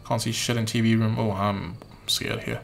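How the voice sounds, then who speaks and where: A man's voice: on the low side, fairly even intonation, normal speed, gravelly, slight background noise. A man streaming a game, offhand and wry, thinking aloud as he plays. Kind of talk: casual let's-play commentary.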